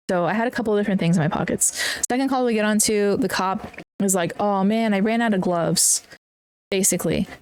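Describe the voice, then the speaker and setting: A young woman hosting a podcast, casually telling a story from her ambulance work, blunt and swearing freely as she acts out the people in it. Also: on the low side. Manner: blunt, swears freely, animated retelling with quoted voices. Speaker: podcast host.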